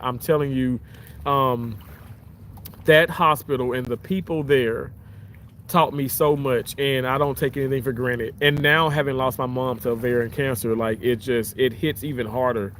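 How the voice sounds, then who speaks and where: A man casually chatting on a livestream outdoors by the water, reading out comments, rambling with many restarts and sudden jumps up in pitch when excited, on a phone held at arm's length. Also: a little hiss or hum. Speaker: livestream host.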